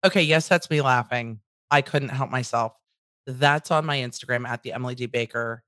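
A woman hosting a casual, candid trial recap, blunt enough to swear and acting out quotes with lively emphasis. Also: rumbling low, normal speed, no echo. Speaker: legal commentary host.

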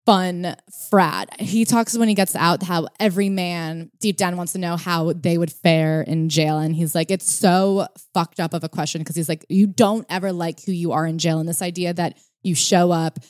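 A woman's voice: on the low side, steady tone, normal speed, few pauses, darkish tone, dry recording, clean studio sound. A woman co-hosting a casual podcast chat about a book, retelling stories and reading out quotes with energy. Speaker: podcast co-host.

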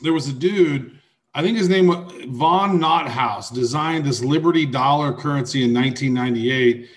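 A man's voice: mid-range voice, normal speed. A man with a Midwestern accent co-hosting a casual crypto news chat, joking and rambling with filler words. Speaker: co-host.

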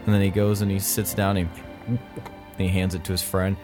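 A man's voice: low-pitched, level tone, brisk, over music. A man narrating as game master of a tabletop game, rambling with lots of "like" and laughing often.

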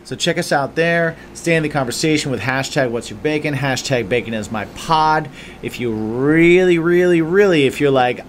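A man's voice: medium pitch, moderate pace, slight background noise. Chatty podcast co-host, man. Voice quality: loose, chatty, lots of fillers. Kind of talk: casual podcast chat.

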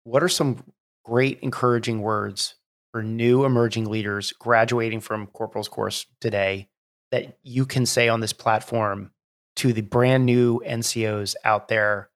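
A man's voice: medium pitch, steady tone, a little slow. A man hosting a podcast, asking long rambling questions that restart mid-sentence. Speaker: podcast host. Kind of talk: interview questions.

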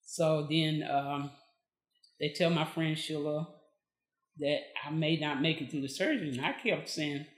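A woman with a low-pitched voice speaks a little slowly, and the sound is roomy. She's from Texas, appearing as a podcast guest and telling her story in easygoing conversation, lively as she acts out quoted dialogue.

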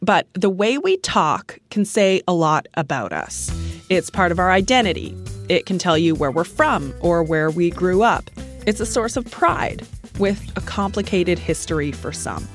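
A woman's voice: fairly low pitch, expressive, a little slow, faint music behind. A woman from Newfoundland and Labrador hosting a podcast, narrating and asking passers-by friendly questions. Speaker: podcast host. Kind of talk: documentary podcast narration and street interviews.

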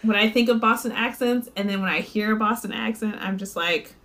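Woman on a book podcast, plainly says what she thinks, mid-pitched voice. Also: a little fast, a bit bright. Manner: blunt, opinionated. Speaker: podcast co-host. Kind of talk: casual book-club chat.

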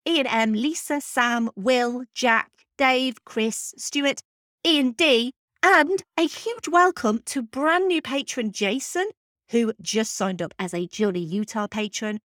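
A woman's voice: a little high, slow, a bit bright, no room sound, clean studio sound. Upbeat woman podcast host. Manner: chatty, enthusiastic, self-deprecating. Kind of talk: scripted podcast outro. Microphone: podcast microphone.

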